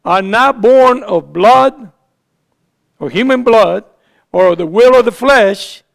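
A man's voice: very high-pitched, gravelly. A man preaching a sermon, emphatic, repeating phrases for stress.

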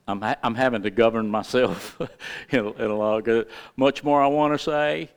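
A middle-aged male pastor preaching a sermon, with lively asides and questions to his congregation. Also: medium pitch, moderate pace, clean tone.

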